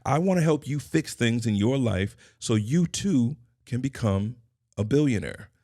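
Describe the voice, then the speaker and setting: A man's voice: mid-range voice, lively intonation, measured pace, dark tone, no echo, clean studio sound. A middle-aged man hosting his own podcast, delivering a scripted motivational monologue in emphatic, repeated declarations. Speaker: podcast host and consultant.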